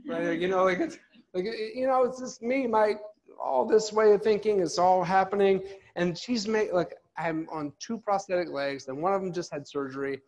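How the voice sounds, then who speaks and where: A middle-aged man telling a funny, animated personal story to an audience at an office event. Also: high-pitched, normal speed. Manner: animated, jokey, acts out quotes. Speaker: motivational speaker.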